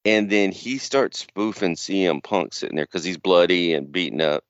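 A man's voice: low voice, normal speed, dry recording, dull audio. A man co-hosting a podcast, casually rambling through a story. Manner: rambling storyteller, acts out quotes. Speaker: podcast co-host. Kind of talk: casual chat.

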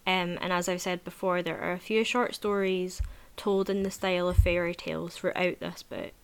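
Woman, book reviewer, measured reading voice, low pitch, little variation. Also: level tone, clean tone. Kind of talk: reading a novel aloud, then casual book chat.

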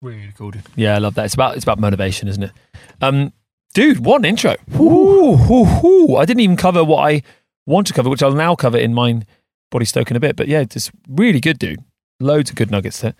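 A man in his thirties hosting a surf podcast, animated in chat and soft and slow when guiding breathing. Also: medium pitch, dry recording, clean studio sound. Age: 30s. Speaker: podcast host.

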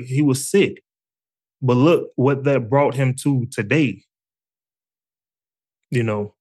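A man hosting a casual faith talk, reflective and conversational, with frequent fillers. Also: mid-range voice. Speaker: faith podcast host.

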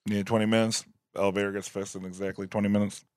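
A man co-hosting a podcast in casual chat, laughing often and reacting with animated outbursts. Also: lowish voice, very fast, no echo, clean studio sound. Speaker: podcast co-host.

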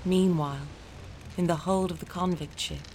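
A woman narrating a historical story in a measured, dramatic way. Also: lowish voice, fairly even intonation, a little mellow, a little hiss or hum.

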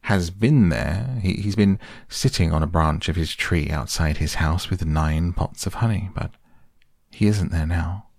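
A man's voice: low voice, creaky, darkish tone, dry recording, clean studio sound, full character voice. A man doing Owl, a pompous old bird. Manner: pompous, slow and wordy. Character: pompous wise old owl, long-winded.

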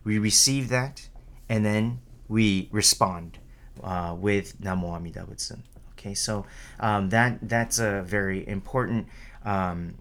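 Low-voiced man giving a casual dharma talk. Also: fairly bright tone. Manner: conversational, keeps asking "right?", restarts and repeats words; acts out quoted calls with a raised voice.

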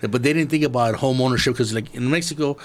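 A middle-aged man from East Los Angeles, hosting a casual podcast talk, laid-back and swearing freely as he thinks out loud. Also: medium pitch, fast, slight background noise. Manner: laid-back and profane, muses aloud. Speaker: podcast host.

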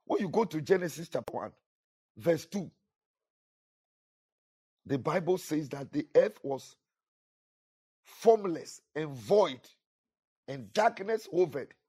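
A man's voice: fairly high pitch, animated, slow, long pauses, darkish tone, slightly rough. A man preaching a sermon with emphatic, repetitive delivery, rising and falling for effect. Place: church.

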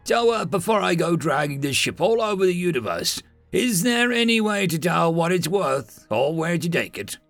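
A wary six-armed spider alien, performed by a man, sharp and skeptical, his voice jumping high in disbelief. Gravelly texture, dry close sound, faint music behind. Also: very animated, moderate pace, few pauses, no room sound, exaggerated voice.

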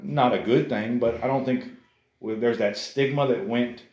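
A man preaching a sermon to a congregation in a conversational, animated way, often calling the listeners "guys". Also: medium pitch, normal speed, reverberant. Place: church service.

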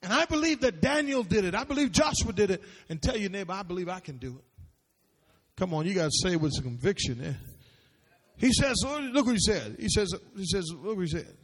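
A man with a strikingly high voice preaches to his congregation, firing off questions and waiting for the crowd to finish his lines. His voice swells into shouts at times, and each phrase rings out in the long echo of a big church hall. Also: expressive, fairly quick, breathy edge. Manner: preachy call-and-response, rising to shouts. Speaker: pastor. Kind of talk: sermon. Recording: long reverb of a large hall.

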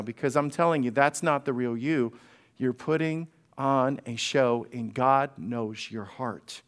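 A man's voice: mid-range voice, steady tone, measured pace. A male pastor preaching a sermon in a conversational, humorous way, often restarting and repeating words. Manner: conversational, frequent restarts and repetitions; humorous storytelling.

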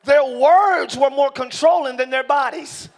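A middle-aged man preaching a sermon in a church, shouting key lines and slowing down for emphasis while joking with the congregation. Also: very high voice. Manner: joking, talks directly to the congregation. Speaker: pastor. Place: church sanctuary.

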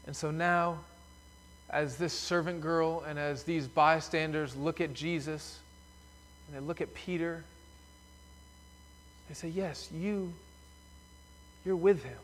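A man's voice: fairly high pitch, steady tone, takes it slowly, pauses often, fairly bright tone, slight background noise. A man preaching a sermon as pastor in a church sanctuary, telling the story emphatically. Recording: long reverb of a church hall.

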